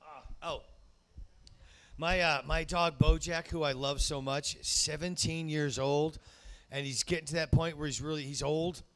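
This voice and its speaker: A man's voice: on the high side, steady tone, unhurried, fairly bright tone, a little hiss or hum. Rambling wisecracking male stand-up host. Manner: rambling, self-interrupting wisecracks. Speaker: comedy show host. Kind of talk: stand-up comedy. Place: comedy club stage.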